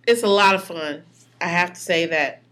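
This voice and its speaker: A woman co-hosting a podcast, chatting in a relaxed, rambling way with many ums. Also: on the low side, moderate pace. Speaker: podcast co-host. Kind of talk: casual chat.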